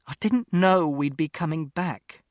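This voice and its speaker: Man reading as a tired stressed mother, slow strained words, hushed then raised, dry close sound. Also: fairly high pitch, no room sound, voice pushed up, natural voice. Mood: strained, weary.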